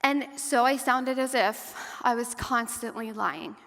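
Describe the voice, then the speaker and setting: A woman giving a personal testimony talk to an audience, earnest and measured, slowing and going softer at the hard parts. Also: on the high side, vocal fry. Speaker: guest speaker and survivor advocate. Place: large hall or church. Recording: long hall reverb.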